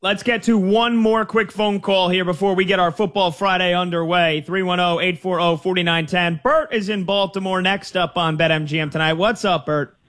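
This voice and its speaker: A man with a notably high voice hosts a sports talk radio show. He moves things along briskly and upbeat, calling his callers "man" and "brother.". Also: steady tone, fairly bright tone.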